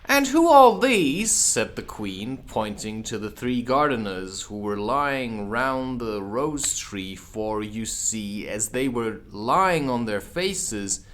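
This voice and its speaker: A man reading a children's classic aloud as an audiobook, with casual asides. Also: on the low side. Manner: unhurried, expressive, drops in casual asides. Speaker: audiobook reader. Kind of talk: audiobook narration.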